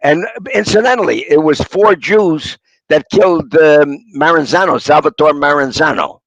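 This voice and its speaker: An older man spins long anecdotes in a rambling raconteur's way, building to punchlines. His voice is gravelly and sits a little high. The sound is dry and close. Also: moderate pace, dry recording, low-quality recording. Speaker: interviewee, author. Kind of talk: anecdotal storytelling.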